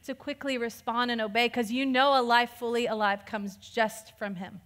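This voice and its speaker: Bright-voiced woman pastor preaching. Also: fairly high pitch, normal speed, big-room sound. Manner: lively and conversational, laughing often. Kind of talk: sermon.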